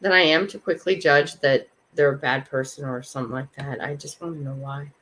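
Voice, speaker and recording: A woman's voice: sits low, steady tone, brisk, fairly bright tone, a little hiss or hum. An older woman hosting a morning livestream, greeting viewers by name and musing aloud in a casual, reflective way. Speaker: livestream host. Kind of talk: casual live chat.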